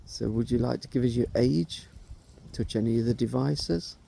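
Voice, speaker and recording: A middle-aged man leads a ghost hunt, asking spirits for their names and ages in slow, coaxing questions. His voice is very dark and mellow, with a gravelly fry running through it. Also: mid-range voice. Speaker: paranormal investigator.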